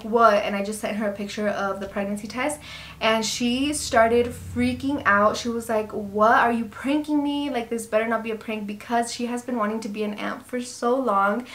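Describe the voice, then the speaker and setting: A woman in her twenties telling a personal story to camera in an excited, chatty way. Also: fairly high pitch. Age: 20s. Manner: excited, animated retelling with many asides. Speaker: vlogger.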